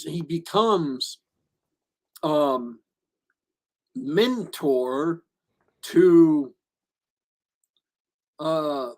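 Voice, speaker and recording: Rambling, emphatic podcast co-host man. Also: fairly high pitch. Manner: rambling, with many restarts and fillers. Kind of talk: casual movie review chat.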